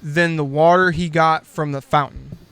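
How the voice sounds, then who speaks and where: A man's voice: fairly high pitch, fairly even intonation, moderate pace, fairly bright tone, clean tone. A man in his twenties with an American accent, co-hosting a podcast and telling rambling stories in casual chat, laughing often. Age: 20s. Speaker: podcast co-host.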